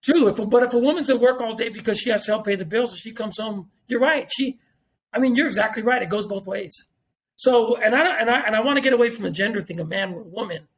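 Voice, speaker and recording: Middle-aged male podcast guest, very high voice, rapid-fire blunt delivery full of cursing and repetition. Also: slightly rough. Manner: blunt and profane, repeats points for emphasis. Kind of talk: casual podcast talk.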